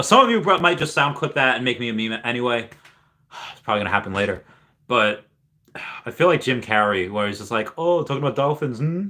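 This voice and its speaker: A young man chats loosely on his livestream, his voice bright and forward. He rambles through stories with plenty of fillers and false starts, then reads viewers' messages aloud and answers them. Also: medium pitch. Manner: rambling, many fillers and restarts. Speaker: livestream host. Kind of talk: casual livestream chat.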